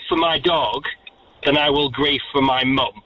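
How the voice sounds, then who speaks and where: A man's voice: medium pitch, steady tone, measured pace, lo-fi sound, background noise. A man in his forties calling a talkback radio show by phone, telling an earnest story and acting out the voices of the people in it. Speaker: caller.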